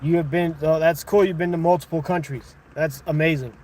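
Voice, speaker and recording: A male streamer talks loosely with his viewers, reading their comments and pushing back on them. His voice sits a little high for a man. A faint hum of ambience and passing traffic lies under the recording. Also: fairly even intonation, fairly quick, a little mellow. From United States. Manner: conversational, argumentative with chat, thinking aloud. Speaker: livestream host. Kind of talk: casual livestream chat reading viewer comments.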